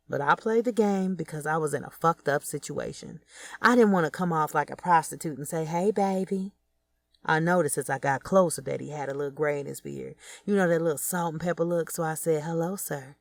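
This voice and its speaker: A woman's voice: low voice, quick pace, gravelly, no room sound. A woman narrating a first-person audiobook in a blunt, profane, streetwise way.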